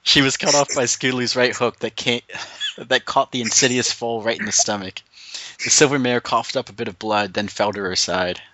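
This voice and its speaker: A man's voice: medium pitch, steady tone, normal speed, pushed and bright, poor audio. A man reading fanfiction aloud on a voice call, stumbling over words and breaking into laughter. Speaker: reader on a group call. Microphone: computer mic on a voice call.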